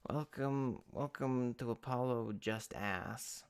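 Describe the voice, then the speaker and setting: A woman talks over a video game in an unhurried drawl, cursing freely. She rambles and restarts her sentences as she goes. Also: rumbling low. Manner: swears a lot, rambling and self-interrupting. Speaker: streamer playing a game. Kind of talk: casual gameplay commentary.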